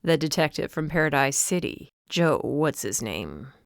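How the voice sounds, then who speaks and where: A gruff but caring middle-aged father, voiced by a woman reading a storybook. He speaks low and unhurried, in a guarded way. The recording is clear and dry. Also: sing-song, no echo, exaggerated voice.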